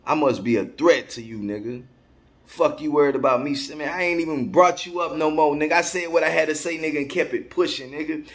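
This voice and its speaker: Speaking a little high and fairly quickly, this man in his forties delivers a furious direct-to-camera rant for his travel vlog. He's confrontational and swears heavily, repeating the same slang again and again.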